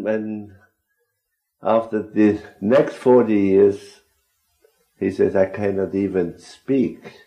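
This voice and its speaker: A man's voice: medium pitch, muffled recording. A man leading a group Bible discussion, earnest and often posing questions to his listeners. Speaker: Bible study speaker.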